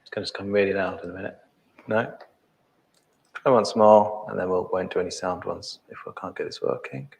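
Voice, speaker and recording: A middle-aged man presenting a live software demo, thinking aloud with many ums and restarts. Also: low-pitched, steady tone, a little fast, creaky.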